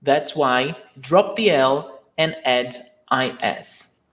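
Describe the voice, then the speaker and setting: Male teacher, native Portuguese speaker, slow unhurried pace, patient, repeats words for learners, mid-pitched voice. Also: fairly bright tone. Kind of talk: live online language lesson.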